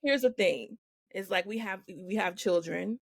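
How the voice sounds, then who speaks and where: Laughing, animated woman guest. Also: mid-range voice, unhurried, vocal fry, no room sound, clean studio sound. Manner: laughs often, acts out quoted voices. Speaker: podcast guest. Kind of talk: casual faith chat.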